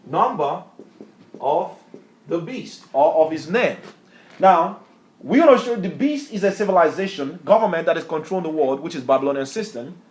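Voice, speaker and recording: A man's voice: fairly high pitch, lively intonation, normal speed, a little mellow. A man preaching and teaching scripture, emphatic, quizzing his reader with repeated questions in a call-and-response style. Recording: echoey room.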